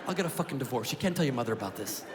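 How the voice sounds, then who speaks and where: A man's voice: medium pitch, big pitch swings, racing, noisy background, pitched below the performer's own voice, natural voice. Comedian doing his stoned nervous dad. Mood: panicky. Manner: sweaty nervous drawl calling son baby. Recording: live hall with crowd laughter.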